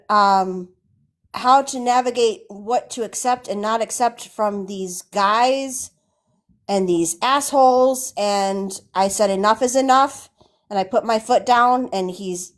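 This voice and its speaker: A woman calling in to a live stream to thank the host, speaking softly and hesitantly. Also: medium pitch. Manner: soft, grateful, slow and hesitant. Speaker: caller. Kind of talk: casual thank-you call.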